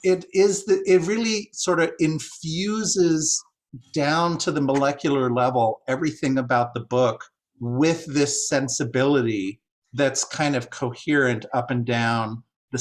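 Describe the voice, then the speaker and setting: Male translator guest, mid-pitched, musing and hesitant, casual discussion. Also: fairly even intonation, a little slow. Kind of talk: discussion talk, thoughtful.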